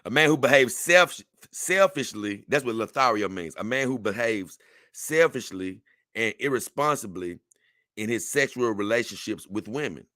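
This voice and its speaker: A young man hosting a casual livestream, reading a text aloud and reacting to it in an animated, conversational way. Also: medium pitch, moderate pace, no room sound, clean studio sound. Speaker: livestream host.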